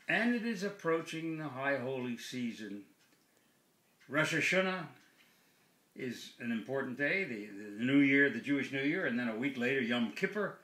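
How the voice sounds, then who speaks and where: Guy telling a joke slow and easy, bright voice, echoey room. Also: medium pitch. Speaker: joke teller.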